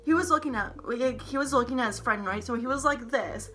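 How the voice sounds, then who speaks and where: A woman's voice: on the high side, brisk, sharp tone, soft background music. A young woman vlogger telling a heated storytime, rambling, swearing often and saying "like" a lot. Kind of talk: storytime vlog to camera.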